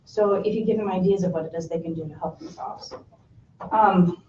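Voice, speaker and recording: A woman's voice: fairly low pitch, normal speed, mellow, slight background noise. A middle-aged woman leading a parenting workshop, talking conversationally to a class of parents. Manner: conversational, with brief acted parent and child quotes. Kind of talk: casual talk to a class of parents. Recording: roomy, distant, muffled room recording.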